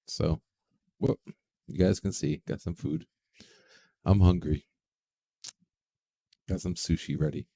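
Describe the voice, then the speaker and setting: A man's voice: low-pitched, slow pace, gravelly, long pauses, dark tone, no echo. A man hosting a casual livestream, rambling, swearing freely and greeting chat viewers by name. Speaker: livestream host.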